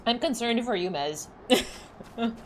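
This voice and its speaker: Playing a game on stream, a young woman talks slowly in a higher-pitched voice with lively intonation, and a little hiss or hum can be heard. Her casual, rambling chat is full of "likes" and restarts.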